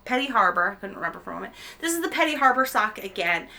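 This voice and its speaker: A woman's voice: mid-range voice, sing-song, rapid-fire, vocal fry, pushed and bright. An American-raised woman hosting a knitting podcast, chatting casually and rambling with ums and self-corrections as she knits at home on a camera mic. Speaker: podcast host. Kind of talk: casual chat while knitting.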